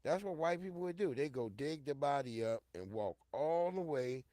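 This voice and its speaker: A middle-aged man hosting a show, telling a personal story in a casual, profane monologue, talking straight to his listeners and swinging from loud outbursts to hushed low tones. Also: expressive, moderate pace, no echo, clean studio sound. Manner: addresses listeners directly and repeatedly.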